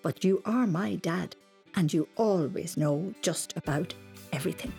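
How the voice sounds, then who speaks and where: A woman's voice: on the low side, measured pace, gravelly, warm tone, breathy edge, soft background music, full character voice. Woman doing an urgent, earnest young boy. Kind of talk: storybook reading.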